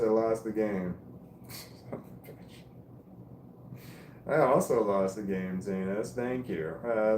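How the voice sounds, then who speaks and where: A man's voice: medium pitch, a little mellow, reverberant, a little hiss or hum. A man casually reading live stream comments aloud and musing on each one. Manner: reads comments aloud and muses on them.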